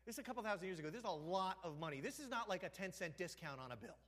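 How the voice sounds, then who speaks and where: A man preaching from the pulpit in a church, his voice pitched high and swinging widely as he tells the story. He acts out the characters' lines, then sinks to a hushed, almost whispered tone for effect. The sound rings with a long church reverb. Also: lively intonation, rapid-fire. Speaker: pastor. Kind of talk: sermon. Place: church sanctuary.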